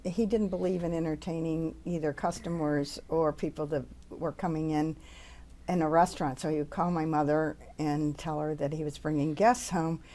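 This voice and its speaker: Older woman, very low voice, plain-spoken reminiscing, faint background noise. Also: fairly even intonation, moderate pace, dark tone. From United States. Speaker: cooking show co-host. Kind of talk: casual chat.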